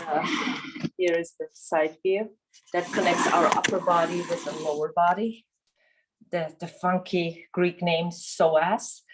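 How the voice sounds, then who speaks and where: A woman teaching a yoga class, gently cueing breaths and poses while she demonstrates them. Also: mid-range voice, rough recording. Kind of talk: guided yoga class instruction. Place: studio class recorded on video.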